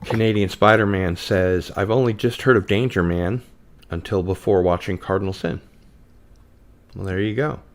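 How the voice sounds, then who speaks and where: A man with a deep voice speaks at a normal speed while hosting a casual podcast live stream. Relaxed and chatty, he reads out viewer comments.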